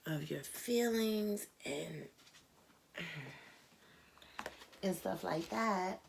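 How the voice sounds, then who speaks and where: A woman's voice: low voice, vocal fry, noisy background. A woman giving a casual tarot reading, speaking bluntly and candidly, swearing and calling her viewers "baby" and "cat". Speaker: tarot reader.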